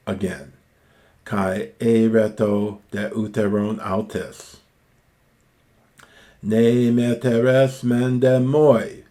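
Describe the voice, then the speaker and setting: Slow gravelly man lecturing. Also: fairly low pitch, warm tone. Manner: slow, deliberate, repeats and parses each word. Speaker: Greek teacher. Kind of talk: lecture reading and explaining Homer.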